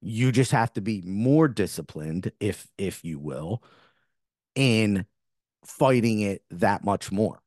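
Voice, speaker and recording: A man's voice: fairly low pitch, expressive, slow pace, darkish tone, no echo, clean studio sound. Earnest rambling man hosting a spiritual podcast. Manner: earnest, rambling with frequent restarts. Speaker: podcast host.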